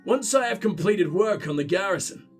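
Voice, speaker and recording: A man's voice: high-pitched, expressive, normal speed, soft background music. A man reading out a pompous city founder's record in a mock-formal tone, his put-on Irish accent slipping away. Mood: mock-solemn.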